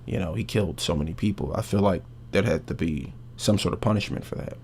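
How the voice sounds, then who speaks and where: A man hosting a podcast, recapping a game's story in a casual, profane, animated way. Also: deep voice, fast, creaky, a little hiss or hum. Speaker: podcast host.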